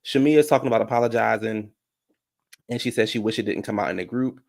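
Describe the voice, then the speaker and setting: A man's voice: fairly low pitch, quick pace, vocal fry. A man recapping a reality show in casual commentary, sassy and profane, talking straight to his viewers.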